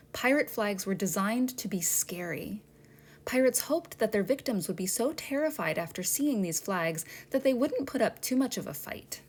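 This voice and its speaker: A woman museum educator, narrating a children's history lesson and asking her listeners friendly questions. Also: mid-range voice.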